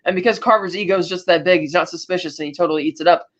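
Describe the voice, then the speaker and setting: A woman's voice: fairly low pitch, rapid-fire, dull audio. Chatty woman recapping a movie. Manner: chatty retelling with quoted lines and laughs. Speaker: podcast co-host. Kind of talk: casual podcast movie recap.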